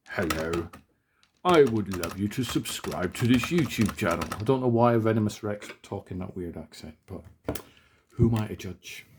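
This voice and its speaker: A low-voiced man chats casually while unboxing toys, joking at his own expense as he cuts and snaps parts together. He sounds relaxed and talkative in a small office, with a faint hiss behind him. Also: creaky. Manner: chatty, self-deprecating, talks while working with his hands. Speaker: toy unboxing host.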